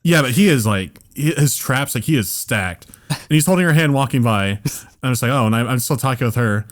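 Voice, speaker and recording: A podcast co-host rambles through a casual, comedic story, restarting often before building to an excited, animated retelling. His medium-pitched voice moves briskly, captured on a podcast microphone.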